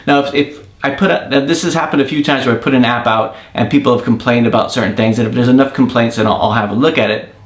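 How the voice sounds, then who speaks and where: Rambling male app developer, roomy sound. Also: medium pitch. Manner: thinking aloud, rambling rant. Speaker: indie app developer and show host. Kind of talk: casual daily monologue. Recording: roomy echo.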